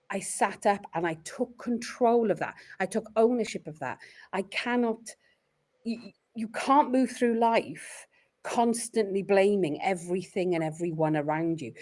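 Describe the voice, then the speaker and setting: A middle-aged Welsh woman talking openly and reflectively as a parent in a podcast conversation. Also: medium pitch. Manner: earnest, reflective, expressive storytelling.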